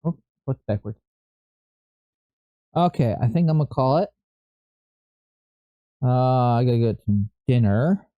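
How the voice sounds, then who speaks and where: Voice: medium pitch, lively intonation, unhurried, long pauses, no echo, lo-fi sound. A live streamer chatting casually and thinking aloud, often stopping to correct themself.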